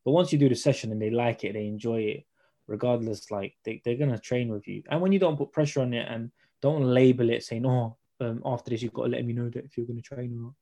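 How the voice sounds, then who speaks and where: A man's voice: medium pitch, fairly even intonation, fast talker, dark tone. A young man, a personal trainer guest, chatting casually in slang and acting out gym stories. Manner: slangy, storytelling, acts out dialogue. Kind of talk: casual chat.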